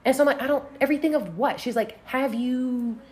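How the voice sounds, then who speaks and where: Young woman, from Texas, casual storytelling, profane, very lively pitch. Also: racing. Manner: animated, profane, acts out voices in quotes.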